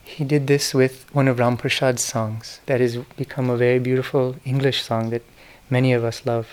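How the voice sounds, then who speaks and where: Middle-aged man, earnest devotional lecturer, smooth clear voice. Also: mid-range voice, level tone, moderate pace. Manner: earnest, devotional storytelling with soft, whispered quoted names. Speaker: speaker giving a talk on spiritual history. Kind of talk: reflective spoken lecture.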